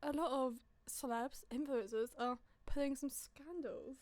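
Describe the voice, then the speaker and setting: A woman's voice: high voice, steady tone, a little slow, a little mellow. A young woman from England co-hosting a casual student podcast, eagerly chiming in and repeating words. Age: young adult. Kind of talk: casual chat.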